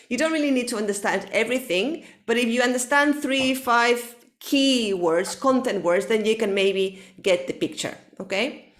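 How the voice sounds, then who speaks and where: Woman, Spanish accent, English teacher, patient explanations, fairly high voice. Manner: explains patiently, checks with "okay?", switches between English and Spanish. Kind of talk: online English lesson.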